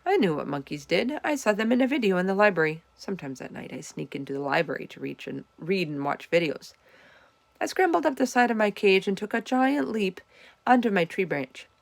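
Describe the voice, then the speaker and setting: A woman reads a children's chapter book aloud with expressive, animated storytelling, letting her pitch swing up and down. Her voice sits on the lower side with a gravelly texture. The recording is close and dry. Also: a little fast, no room sound. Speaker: storybook reader.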